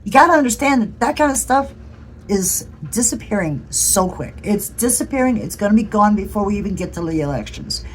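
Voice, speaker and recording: A woman's voice: medium pitch, expressive, brisk, a little hiss or hum, rough recording. A woman from the United States talking in an impassioned political vlog, blunt and earnest, swearing freely. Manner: earnest, pleading. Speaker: political vlogger.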